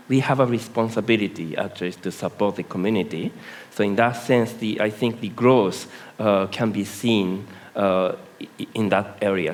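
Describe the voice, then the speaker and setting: A man speaking on a conference panel, halting and full of hesitations. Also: fairly low pitch. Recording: reverberant conference hall.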